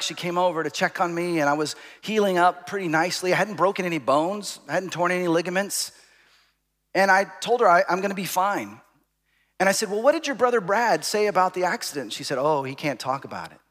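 A man preaching a sermon, telling a personal story, at times calling out loudly and at times dropping to a hush. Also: high voice, big-room sound. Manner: storytelling, rising to shouts and dropping to hushed asides. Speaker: pastor.

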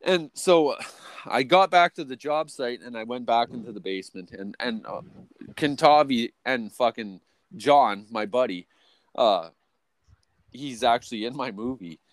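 A man's voice: measured pace, dry recording. A man co-hosting a podcast, telling a long story in casual chat, swearing constantly, restarting sentences and tagging lines with "or whatever, right?". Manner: profane, rambling, full of restarts and "or whatever, right"; jumps to a much higher, louder voice when quoting people. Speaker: podcast co-host.

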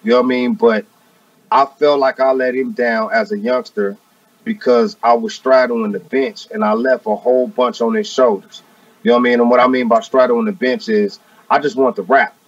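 A gravelly-voiced man in his forties talks back easily in a laid-back interview, leaning on "you know what I mean" again and again. He sits a bit back from the mic, and the dry recording sounds dull and muffled. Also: high-pitched, big pitch swings, moderate pace, dry recording, distant mic. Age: 40s. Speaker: rapper guest. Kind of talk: casual interview talk.

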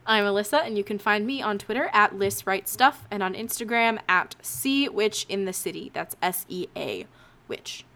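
A woman's voice: mid-range voice, expressive, moderate pace, vocal fry, fairly bright tone. A woman co-hosting a podcast, speaking casually and reading the closing credits. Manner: encouraging listener, brief reactions. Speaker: podcast co-host. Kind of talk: casual chat.

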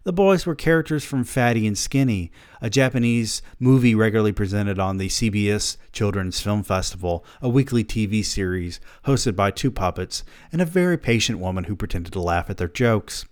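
A man's voice: lowish voice, lively intonation, moderate pace, few pauses, no room sound, studio quality. A man reading a story aloud who keeps breaking off to mock himself in sardonic comic asides. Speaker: reader of a story.

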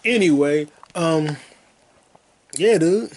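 A man hosting a podcast alone, telling crude, rambling stories and bursting into loud high yelps and sound effects. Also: slow. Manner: profane, rambling storytelling. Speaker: podcast host. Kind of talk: casual solo podcast monologue.

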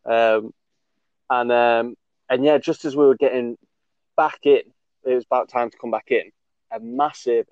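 A man's voice: mid-range voice, darkish tone, dry recording. A man hosting a casual chat, rambling through a story with fillers, swearing and frequent laughs. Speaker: podcast host. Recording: dull lo-fi recording.

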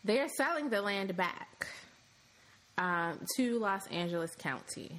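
A woman's voice: medium pitch, lively intonation, a little slow, fairly bright tone, poor audio. A woman co-hosting a casual podcast, talking conversationally and thinking aloud with frequent ums. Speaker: podcast co-host.

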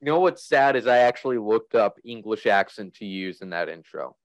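A man's voice: lowish voice, expressive, normal speed, no echo, lo-fi sound. A young man hosting a sports podcast in a casual, rambling way, full of fillers. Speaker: podcast host.

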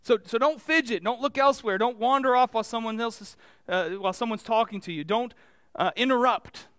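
A pastor preaching a sermon in a conversational way, asking the congregation direct questions. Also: male voice, very high voice, brisk, fairly bright tone, clean tone, no echo.

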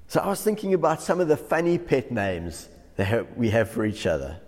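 A man's voice: mid-range voice, sing-song, brisk, darkish tone. A man, a pastor giving a devotional sermon who often chuckles through his stories. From South Africa. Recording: long hall reverb.

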